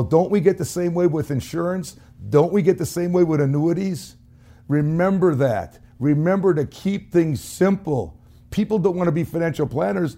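A man's voice: fairly high pitch, mellow. A man telling a folksy anecdote as a sales trainer, acting out the voices of the people in his story. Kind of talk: storytelling motivational talk.

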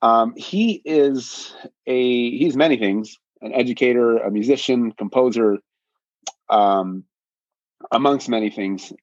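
A man talking as a podcast panelist in a halting way, with many restarts and fillers. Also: mid-range voice, a little mellow, dry recording. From Peru-rooted, American. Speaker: panelist, musician and educator. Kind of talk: casual podcast discussion. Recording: dull, dry lo-fi audio.

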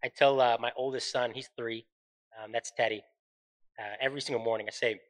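A man's voice: medium pitch, steady tone, brisk, poor audio. A man in his thirties hosting a faith-based motivational podcast, speaking in an earnest, encouraging way and often checking in with "right?". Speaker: podcast host.

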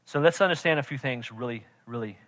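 A man preaching a sermon as pastor, emphatic, swinging from shouts to quiet intensity and often checking in with "right?". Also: mid-range voice, quick pace. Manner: emphatic, repeats "right?" to the congregation.

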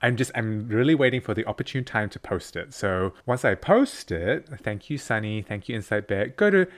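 A man co-hosting a podcast in a sing-song, playful voice that sits a little low. He keeps things chatty and camp. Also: expressive, normal speed. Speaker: podcast co-host. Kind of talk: casual chat.

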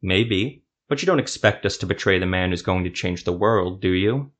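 A composed rebel priest speaks evenly and without hurry, low and steady, as a man reads him. His quiet assurance carries through a storybook telling. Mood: calm. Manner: calm and measured. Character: calm, composed male rebel priest leader.

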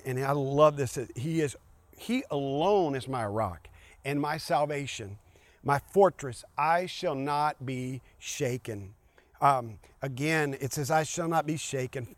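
A man preaching a streamed sermon in an earnest, repetitive way, with frequent small restarts. His voice sits a bit higher than most men's. The sound is close and dry, with no room echo. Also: a little slow. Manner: earnest, repeats key phrases, restarts often. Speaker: pastor.

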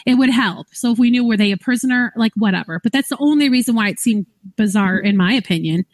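A woman's voice: fairly high pitch, quick pace, no room sound. A woman co-hosting a writers' podcast, casual and thoughtful, rambling with lots of "like". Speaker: podcast co-host. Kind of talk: casual chat.

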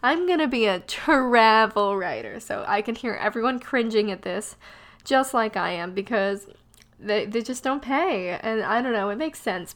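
Young woman podcast host w a cold, stuffy nasal voice, chatty and jokey about herself. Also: mid-range voice. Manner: chatty and self-deprecating, laughs often. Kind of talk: casual solo podcast chat.

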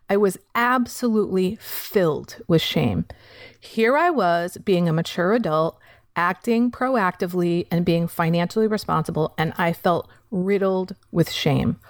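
A woman telling a personal recovery story in a candid monologue, swearing casually and shifting between quick recounting and slow emphasis. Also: fairly low pitch, no room sound, clean studio sound.

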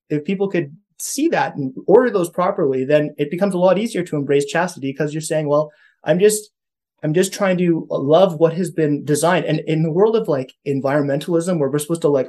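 Man from Canada, higher than average voice, earnest, thinks out loud. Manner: earnest, thinking aloud with many restarts. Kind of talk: casual podcast chat on faith.

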